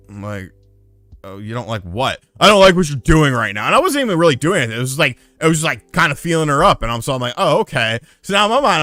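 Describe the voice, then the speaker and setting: A young man streaming live, telling a crude anecdote in a casual, profane, animated way to his chat. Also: a little high, no room sound.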